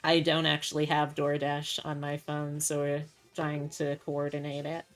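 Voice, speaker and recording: A woman streamer talks casually to her chat, rambling and indecisive. Her voice sits low and her pace is unhurried. Soft music plays faintly behind her. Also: completely flat delivery. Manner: rambling, indecisive, self-mocking.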